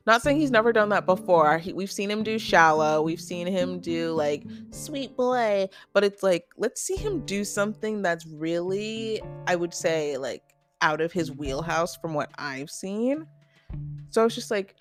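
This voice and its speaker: A young adult woman hosting a casual solo podcast, chatty and opinionated, full of "like" and quick asides. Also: lowish voice, faint music behind. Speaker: podcast host.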